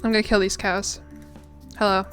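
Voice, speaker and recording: A woman's voice: mid-range voice, flat delivery, moderate pace, a bit bright, faint music behind. A young woman streamer chatting casually while gaming, rambling and self-deprecating.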